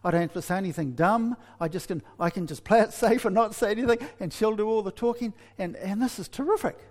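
A man's voice: high voice, fast, a little mellow, big-room sound, pitched above the performer's own voice, lightly acted. A man voicing a shy young man, amazed at first and later fed up with his wife's talking.

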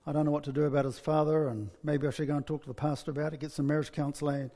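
A woman's voice: sits low, steady tone, very fast, warm tone, long reverb tail. A man voicing a worried middle-aged churchgoing mother who talks in an anxious, confiding way. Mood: weary.

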